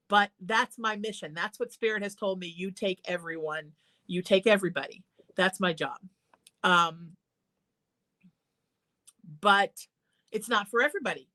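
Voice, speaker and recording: A woman's voice: mid-range voice, moderate pace, long pauses, bright, forceful tone. A woman hosting a call-in talk show, giving earnest, encouraging advice in a conversational way. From Irish heritage. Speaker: psychic talk show host.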